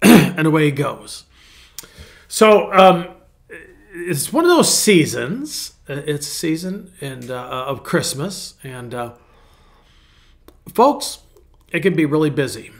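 A man's voice: fairly high pitch, sing-song, slow pace, pauses often. A man pastor who gives a casual devotional talk, rambling and correcting himself as he goes. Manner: rambling, self-correcting, clears throat.

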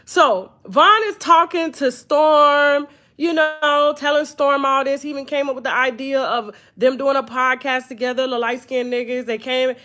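A woman, hosting a blunt, profane, animated storytime commentary. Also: high voice, moderate pace. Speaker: commentary channel host.

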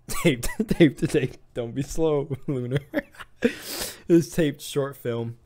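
A man hosting a reaction video in casual chat, laughing at himself and mumbling while reading, with soft music behind. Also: medium pitch, lively intonation, moderate pace.

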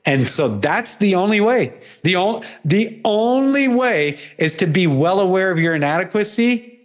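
A pastor hosting a guest preaches fervently in conversation, repeating litanies and swinging from loud peaks to low murmurs. His voice is sing-song and a little slow.

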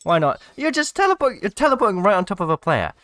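Fast-talking and sing-song, this man's high, slightly bright voice runs over the gameplay he's watching. He cheers at the screen and pokes fun at the players in his casual commentary.

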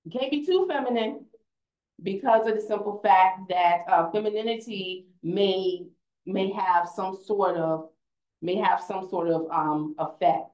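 A woman's voice: mid-range voice, unhurried, a little mellow, reverberant, poor audio. A young woman speaking on a conference panel, earnest and conversational, often restarting her sentences.

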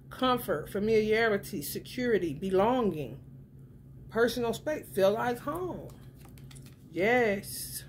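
A woman with a fairly high voice chats loosely with her viewers as a tarot reader, swearing freely. She keeps leaping into excited, laughing retellings of her own reactions. A light background noise sits under the recording. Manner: animated, profane, swings into excited high-pitched retellings with laughter. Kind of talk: casual spiritual chat to viewers.

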